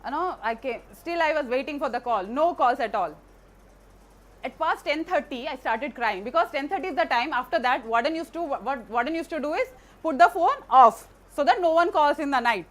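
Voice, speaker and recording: A woman's voice: sits high, expressive, moderate pace. A woman, earnestly telling a personal story to an audience, with frequent restarts and fillers.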